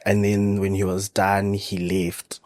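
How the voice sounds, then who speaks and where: A podcast guest gives personal testimony in an interview, speaking in a deep, even monotone. He tells his story slowly and haltingly, with frequent pauses and fillers. The sound is dry and close, with no echo or room around it.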